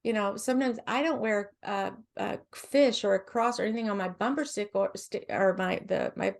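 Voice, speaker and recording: Gravelly-voiced woman giving gentle encouragement. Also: mid-range voice, moderate pace. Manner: gentle, encouraging, with many restarts. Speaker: podcast guest. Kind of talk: faith-based podcast conversation.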